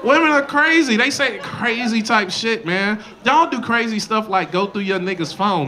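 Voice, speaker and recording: A male comedian performing a loud, animated stand-up set on a club stage, slipping into mocking voices, with the audience laughing. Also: sits high, moderate pace, hardly any pauses. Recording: live club recording, crowd laughter. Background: crowd laughter.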